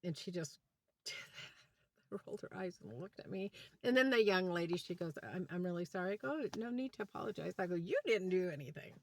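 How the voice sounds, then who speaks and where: A lowish female voice, a little fast and without echo, drives this ranting storytime filmed in a van. The vlogger brings the conversation to life by quoting and acting out both participants.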